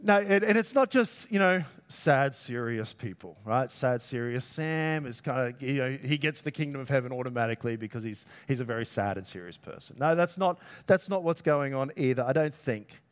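This pastor delivers his sermon in an animated mid-range voice at normal speed, barely pausing. He keeps it conversational, throws rhetorical questions at the congregation, and pushes his voice up for emphasis on key words.

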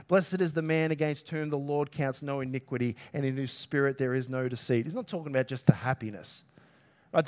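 A man preaching a sermon. He talks in a conversational way, asks the listeners rhetorical questions and pushes his voice up on key words. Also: medium pitch. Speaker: pastor.

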